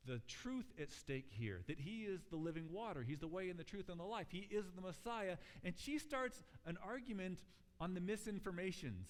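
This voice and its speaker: A man preaching a sermon in a church sanctuary, his fairly high voice carrying a long reverb through the hall. He talks casually and with animation, acting out quotes as he tells stories. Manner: conversational, animated storytelling with acted quotes. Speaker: pastor.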